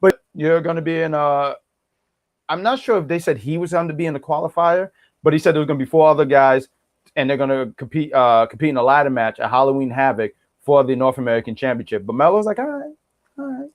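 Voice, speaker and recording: A man's voice: on the high side, fast. A man co-hosting a wrestling podcast, chatting casually with a joking, mock-boastful manner. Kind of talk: casual chat.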